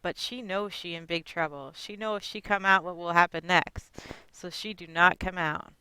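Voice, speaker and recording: A woman's voice: lowish voice, steady tone, normal speed, bright, forceful tone, smooth, dry recording, rough recording. A woman playing a blunt grandmother. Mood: fretful, blunt. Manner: blunt, in broken English. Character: stubborn 68-year-old Chinese immigrant grandmother. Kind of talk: dramatic monologue.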